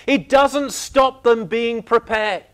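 A man preaching a sermon, telling the story with lively, acted-out reactions. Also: very high-pitched, takes it slowly, clear, resonant tone. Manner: animated storytelling, acting out reactions.

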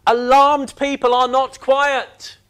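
A man preaching a sermon, telling the story with lively, acted-out reactions. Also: extremely high pitch, slow, clear, resonant tone. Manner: animated storytelling, acting out reactions.

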